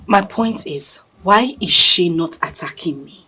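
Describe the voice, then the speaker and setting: A woman's voice: lowish voice, lively intonation, measured pace, sharp tone, slightly rough, full character voice. A Nigerian-accented woman playing a troubled wife who questions her husband. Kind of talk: Nollywood film acting.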